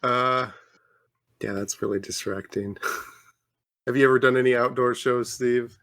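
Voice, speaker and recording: A man's voice: mid-range voice, unhurried, no echo. Laid-back man hosting a comedy podcast. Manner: relaxed, joking, chuckles often. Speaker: podcast host. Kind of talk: casual chat on a video call.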